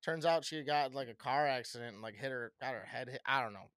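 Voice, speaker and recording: A man's voice: medium pitch, quick pace, fairly bright tone, smooth, dry recording. A young American man co-hosting a podcast, telling loose, profane stories in casual chat on a close mic. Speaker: podcast co-host.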